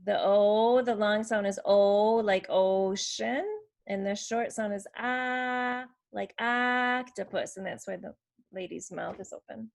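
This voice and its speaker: A woman's voice: medium pitch, steady tone, moderate pace, vocal fry, a little mellow, slight background noise. A woman explaining and demonstrating letter sounds for teaching children, modelling each sound. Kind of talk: instructional explanation.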